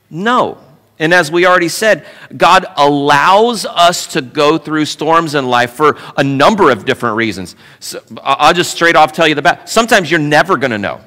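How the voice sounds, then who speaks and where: A male pastor preaching in a church sanctuary, his voice bright and forceful. He talks in an animated, conversational way and drops in playful asides. The sound rings with the long reverb of a large hall. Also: on the high side, normal speed. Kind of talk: sermon.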